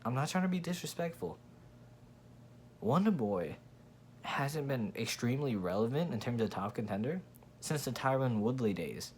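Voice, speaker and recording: A man's voice: medium pitch, expressive, normal speed, slight background noise. A man hosting his own channel, giving a blunt, profane, rambling casual opinion rant with frequent restarts. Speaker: MMA commentary channel host.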